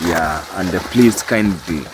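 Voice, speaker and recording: A man's voice: low-pitched, unhurried, background noise. A man vlogging outdoors by a dam, talking in a repetitive, sing-song hype manner. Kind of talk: casual outdoor vlog.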